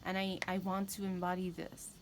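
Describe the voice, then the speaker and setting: A woman's voice: on the low side, completely flat delivery, a little fast, slight background noise, rough recording. A woman giving a tarot reading, talking candidly and rambling, with emphatic repeats. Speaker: tarot reader. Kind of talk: casual spiritual talk to camera.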